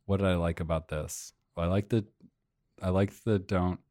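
A man's voice: low-pitched, steady tone, normal speed, warm tone, no room sound, studio quality. A man in his thirties co-hosting a podcast, chatting casually and reading out a news story with amused asides. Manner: amused, rambling, reads out news stories. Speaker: podcast co-host. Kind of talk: casual chat.

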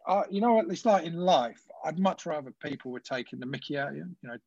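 Husky man telling cricket stories. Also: a little high, expressive, a little mellow, no room sound, muffled recording. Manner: laughing anecdotes, quick asides. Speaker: podcast guest, former cricketer. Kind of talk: casual storytelling chat.

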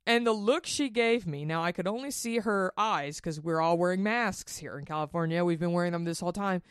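A woman hosting a solo podcast, talking candidly and animatedly, swearing freely and jumping up high in pitch when she gets worked up. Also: a little fast, smooth, no room sound, clean studio sound. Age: 30s. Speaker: podcast host. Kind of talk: casual solo podcast monologue.

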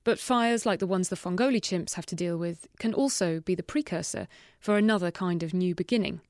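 Woman podcast host reading her script, lowish voice, dry close sound. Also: a little fast, darkish tone, no room sound. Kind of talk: scripted narration.

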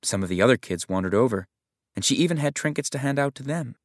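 A man narrating a literary short story in a measured, reflective way. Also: mid-range voice, lively intonation, no echo, studio quality.

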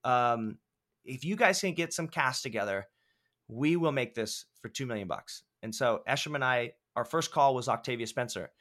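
A man on a podcast telling animated, profanity-laced stories about making films, acting out what people said. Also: mid-range voice, moderate pace. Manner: animated, swears often, acts out quotes. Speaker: filmmaker guest. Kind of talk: casual podcast storytelling.

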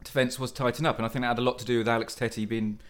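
A man's voice: medium pitch, level tone, very fast. Joking English man talking football. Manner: dry, joking, shifts into earnest analysis. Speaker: podcast co-host. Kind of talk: casual football chat.

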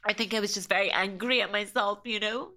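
A woman's voice: medium pitch, fairly even intonation, fairly quick, sharp tone. A young woman, a podcast guest, telling a personal story in a chatty way, often quoting herself and her family.

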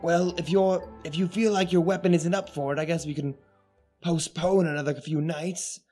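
A man's voice: fairly high pitch, fairly even intonation, normal speed, dark tone, breathy edge, faint music behind, voice pushed up. A man voicing an anxious, eager middle-aged father who stammers earnestly, in a tabletop game. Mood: hesitant.

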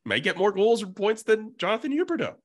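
Lively man hosting a sports podcast. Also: high-pitched, a little fast. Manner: animated, playful devil's-advocate banter. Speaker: podcast host. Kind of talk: casual sports podcast chat.

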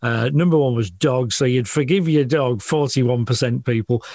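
A man's voice: mid-range voice, moderate pace, a little mellow, no room sound, studio quality. A man, a dog trainer chatting in an interview, explaining things casually and laughing often.

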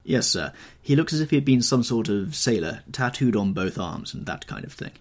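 A man's voice: mid-range voice, very animated, brisk, pitched above the performer's own voice. A man voicing a plain, respectful country gamekeeper in an audiobook reading. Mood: deferential. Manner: respectful, blunt and rustic. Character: plain, deferential male gamekeeper, older.

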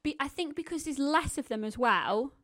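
A woman co-hosting a podcast in casual chat, agreeable and quick to back up her partner. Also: high voice, lively intonation, a bit bright. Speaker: podcast co-host.

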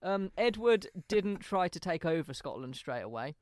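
A young man from England hosts a casual history podcast, talking in a chatty, hesitant way and often losing his thread. His voice sits fairly high for a man. It is recorded close and dry, with no room sound. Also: very animated, moderate pace, no room sound. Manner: chatty, hesitant, self-deprecating. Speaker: podcast host.

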